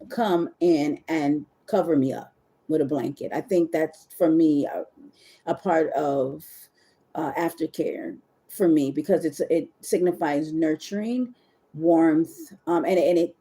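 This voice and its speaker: A woman's voice: low voice, mellow. Candid rambling woman on a livestream. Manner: rambling, candid, addresses viewers as y'all; emotional, near tears at times. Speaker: webcam model hosting a livestream. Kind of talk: casual confessional livestream talk. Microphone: phone or webcam on a live stream.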